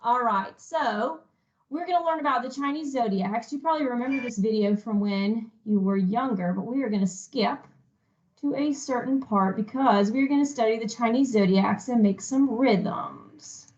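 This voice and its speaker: A woman's voice: fairly high pitch, moderate pace, darkish tone, dull audio. A woman music teacher leading an online lesson, singing short phrases for children to echo and cheering them on, a little self-deprecating.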